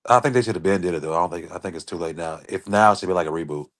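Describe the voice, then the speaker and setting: A man's voice: low-pitched, rapid-fire, a bit bright. A man co-hosting a casual livestream chat, laid-back and laughing often. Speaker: livestream co-host.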